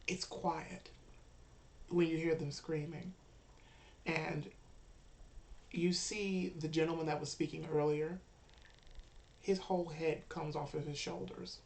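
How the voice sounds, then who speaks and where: Low-voiced woman narrating a tabletop game. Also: fairly even intonation, takes it slowly, creaky, long pauses. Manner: dramatic, with sudden loud outbursts. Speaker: game master.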